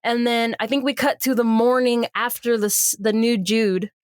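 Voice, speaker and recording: Woman on a podcast, bit high, dry close mic, gabbing through a movie plot, does the characters' voices. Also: normal speed, clean tone, no room sound. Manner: animated, acts out characters' lines in silly voices. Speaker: podcast co-host. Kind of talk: casual movie recap chat.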